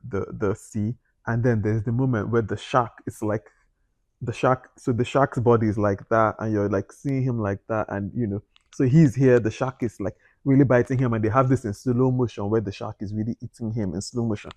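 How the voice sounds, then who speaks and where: Animated man reviewing a film, dry sound. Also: mid-range voice, normal speed, no echo. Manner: animated, rambling, acts out reactions with gasps. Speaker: movie reviewer. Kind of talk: casual spoken film review.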